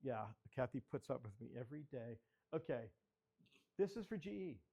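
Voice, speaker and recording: The recording is muffled, carrying an older man's creaky, dark, medium-pitched voice with lively intonation at normal speed. A photographer and guest speaker in a children's library area, he chats and shares stories while presenting a slideshow of his work to a club, calling for each slide in turn.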